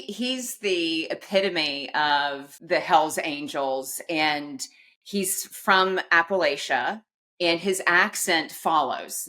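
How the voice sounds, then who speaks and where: A middle-aged woman, a podcast guest, tells a personal story in an animated way, acting out quotes and laughing at herself. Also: sits low.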